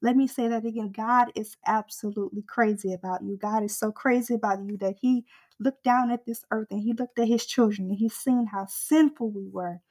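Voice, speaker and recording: A woman with a fairly high voice delivers a fervent sermon, driving home her point with rhythmic, repeated refrains. Her intensity keeps building as she exhorts the listener. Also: fairly even intonation, a little fast, dark tone. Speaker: preacher.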